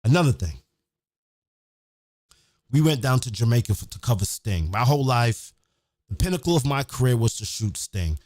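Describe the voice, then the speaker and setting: A man hosting a podcast, telling stories in a casual, profane, animated way. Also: mid-range voice, moderate pace, long pauses, no room sound, studio quality. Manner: profane, animated, acts out quotes. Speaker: podcast host. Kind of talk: casual storytelling.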